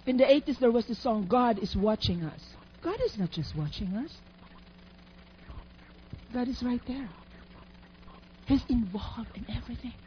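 A woman's voice: a little high, expressive, a little slow, pauses often, a little hiss or hum. A woman preaching a sermon in an emphatic, teacherly way, asking her listeners questions. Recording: dull lo-fi recording.

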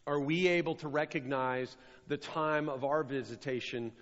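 A man's voice: a little high, normal speed, fairly bright tone. A man preaching a sermon as a pastor, stressing and repeating key phrases. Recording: dull sound with long hall reverb.

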